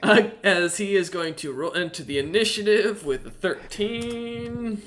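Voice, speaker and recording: A man narrates a tabletop game as its game master, his voice bright and a touch higher than most. He rambles between descriptions, filling the gaps with ums and uhs. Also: a little slow, a little hiss or hum. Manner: rambling with many fillers.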